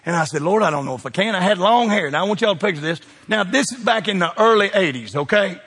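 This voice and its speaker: A man preaching a sermon, folksy and emphatic, dropping low and rising to shouts. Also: breathy edge. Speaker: pastor.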